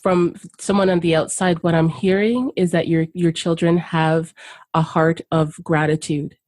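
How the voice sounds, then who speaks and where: A woman's voice: fairly low pitch, steady tone, unhurried, darkish tone. A woman hosting a podcast interview who reflects back and affirms her guest in a casual, conversational way. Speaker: podcast host.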